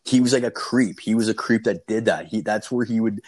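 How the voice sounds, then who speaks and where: A man casually tells a long, rambling story, swearing and laughing often as he goes. His voice is on the low side and his delivery brisk.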